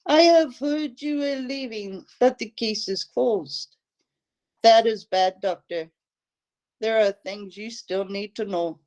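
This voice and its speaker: A woman voicing a creepy anonymous male caller who speaks low and breathy with a clumsy fake accent. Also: expressive, takes it slowly, hardly any pauses, a little mellow. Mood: creepy, insinuating. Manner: poorly done vaguely French accent.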